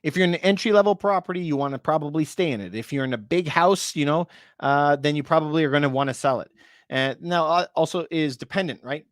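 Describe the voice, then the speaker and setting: Chatty broker man, slightly high voice. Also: no echo, studio quality. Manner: chatty, addresses viewers by name, quick asides. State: losing his voice. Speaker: real estate broker. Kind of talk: casual livestream chat answering viewer questions.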